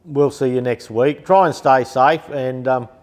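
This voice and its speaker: A man's voice: medium pitch, fairly even intonation, measured pace, darkish tone, in a large hall. A middle-aged Australian man chatting casually to his viewers in a meandering, folksy way, full of ums and chuckles. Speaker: vlogger, shed channel host. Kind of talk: casual rambling chat to camera.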